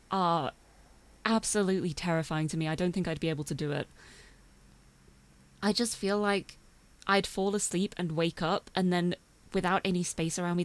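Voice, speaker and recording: Giggly, chatty woman streamer. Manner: chatty, giggly, expressive, often jumps up in pitch. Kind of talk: casual game stream chat.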